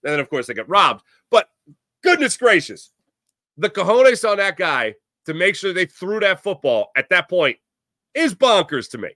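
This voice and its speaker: A man's voice: sits high, sing-song, moderate pace, sharp tone, dry recording, studio quality. A man hosting a sports talk show, giving a rambling, jokey monologue with lots of fillers. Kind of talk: casual sports commentary monologue.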